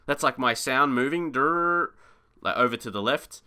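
A young man commentating his own football video game, excitable and quick to rant in frustration. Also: fairly high pitch. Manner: excitable, swings into frustrated shouting and rants. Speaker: gaming YouTuber. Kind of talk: live gameplay commentary.

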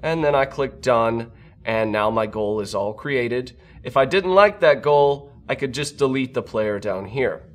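In an unhurried, mid-pitched voice, a man who is a speech-language pathologist reads a scripted product walkthrough, laying out each step in a calm, teaching style.

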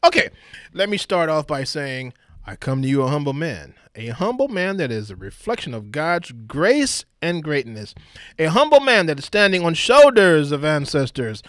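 Booming high-energy male radio host. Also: very animated, moderate pace, no room sound, clean studio sound. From Southern California. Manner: exuberant, booming, playful shouting. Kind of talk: lively radio talk show hosting. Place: radio studio.

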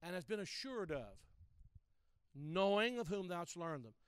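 Male preacher, high and resonant, teaching sermon, emphatic repetition, close dry mic. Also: big pitch swings, a little slow, clean tone, no echo. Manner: emphatic, repeats key phrases, addresses listeners directly.

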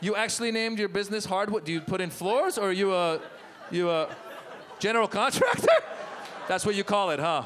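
A middle-aged man born in Iran, doing a stand-up set with crowd work on a comedy club stage, animated and quick to slip into loud put-on voices. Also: high voice, background noise.

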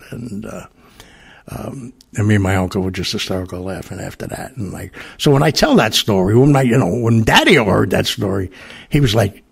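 A man's voice: on the low side, gravelly, husky. A man telling a long personal story in a casual, rambling way, with many fillers and restarts.

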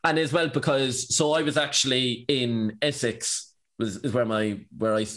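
This is a young Irish man chatting as a podcast guest. He talks at an ordinary middle pitch and spins a meandering story, padding it with fillers as he goes. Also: steady tone, moderate pace, a bit bright. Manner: rambling, filler-heavy anecdotes with lots of "like". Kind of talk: casual storytelling chat.

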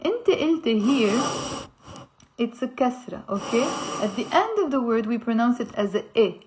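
A woman's voice: fairly high pitch, lively intonation, moderate pace, noisy background. A woman teaching a language lesson, patiently spelling out sounds and checking in with "okay?". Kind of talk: language lesson explaining pronunciation.

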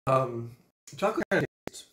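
A woman with a strikingly deep voice hosts a casual taste-test vlog, rambling in a jokey, chatty, animated way at a moderate pace and often restarting her sentences. A faint hiss sits beneath the recording.

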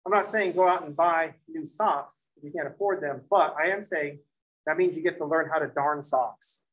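A man's voice: on the high side, normal speed, fairly bright tone, poor audio. A man teaching a math lesson in a classroom, moving from step-by-step explanation into chatty, joking stories and acted-out dialogues. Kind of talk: classroom lecture with joking asides.

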